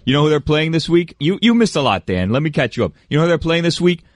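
A man's voice: fairly high pitch, sing-song, fast talker, no echo, studio quality, pitched above the performer's own voice. A man voicing a brash young male Miami bro superfan with a Miami accent, slangy and swaggering. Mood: boastful. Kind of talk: comedic character bit on radio.

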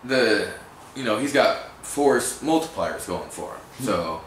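A man who asks curious questions and makes dry quips in a relaxed drawing session. His voice moves with a lively pitch. The room is echoey, and noise with some clicking is clearly heard. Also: a little slow, far from the mic. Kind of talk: casual chat while drawing.

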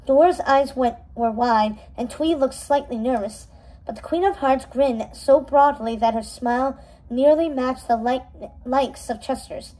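A woman reading a novel chapter aloud in a steady storytelling manner, with small slips and restarts. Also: sits high, unhurried, poor audio. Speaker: read-aloud narrator.

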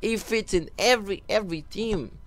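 High-voiced and moderately paced, this young man spins a rambling tale as he casually narrates a football video game for his YouTube channel, interrupting himself to shout excited goal calls.

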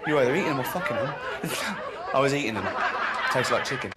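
A man's voice: mid-range voice, expressive, a little fast, very noisy, close to an everyday voice. An actor playing a crude stand-up comedian on in-game TV, acting out both sides of his jokes. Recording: stand-up set with loud laughing crowd. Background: audience laughter.

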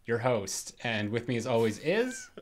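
A man's voice: mid-range voice, big pitch swings, unhurried, slight background noise. A man with a Canadian accent hosting a horror movie podcast in easygoing chat, often laughing and trailing off with fillers. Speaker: podcast host. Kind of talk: casual chat.

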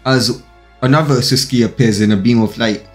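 A man's voice: medium pitch, fairly quick. A man narrating a fan-fiction story in a plain, run-on reading with occasional slips. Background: faint music.

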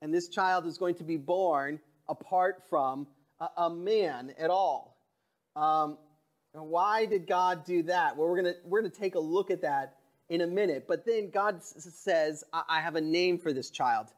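A man preaching a sermon in a church, talking in an earnest, conversational way that often drops to a soft, quiet voice. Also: sits high, unhurried. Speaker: pastor.

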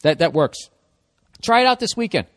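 A middle-aged man hosting a podcast, delivering a profane, sardonic comedic rant that swings from low mutters to loud outbursts into a close microphone. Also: big pitch swings, normal speed, no room sound. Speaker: podcast host.

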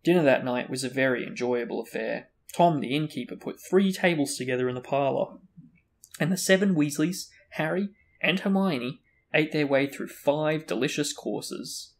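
A man reading a novel aloud in a relaxed way, now and then stopping after a slip. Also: a little high, moderate pace. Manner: relaxed reading, stops for slips. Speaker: book reader and discussion host.

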